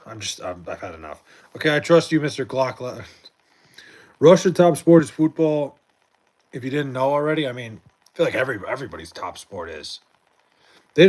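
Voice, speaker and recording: A young man hosting a live stream, chatting casually about sports in a profane, rambling way with many restarts and fillers, late at night at home. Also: mid-range voice. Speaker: livestream host reading chat.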